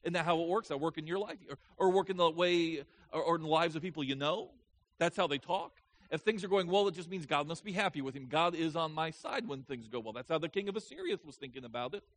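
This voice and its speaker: Guy preaching thru a bible passage, high voice, repeats stuff for emphasis. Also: fast talker. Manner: explains verse by verse with lively emphasis and repeats. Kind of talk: expository sermon.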